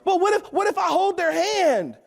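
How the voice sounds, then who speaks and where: A man in his thirties giving an energetic, preachy motivational talk at a company event, often asking "right?". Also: extremely high pitch, normal speed, gravelly.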